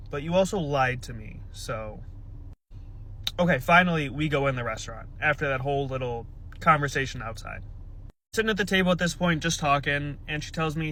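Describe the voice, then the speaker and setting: A man's voice: fairly high pitch, pushed and bright. A man in his twenties telling a dating story in a sarcastic, exasperated storytime style. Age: 20s. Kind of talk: storytime vlog.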